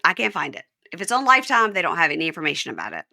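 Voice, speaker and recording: A woman's voice: on the low side, very animated, vocal fry, sharp tone, dry recording, studio quality. A woman hosting a podcast, chatting casually and playfully about reality TV. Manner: conversational, quick asides, playful. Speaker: podcast host.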